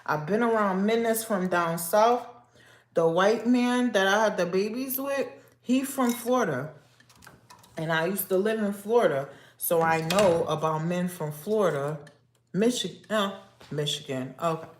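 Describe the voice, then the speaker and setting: A woman hosting a casual livestream, talking slowly and repeating herself as she confides in viewers and asks them nosy questions. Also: medium pitch. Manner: slow, repetitive, confiding and nosy. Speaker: livestream host. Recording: echoey room with faint noise.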